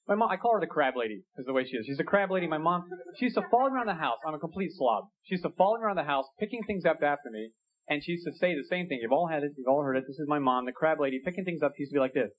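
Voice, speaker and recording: A young man doing a stand-up comedy set on a club stage, animated, acting out stories. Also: fairly high pitch, rapid-fire. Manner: animated, acts out a fight story with rising shouts. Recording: dull lo-fi VHS tape with loud hiss. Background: audience laughter and crowd noise.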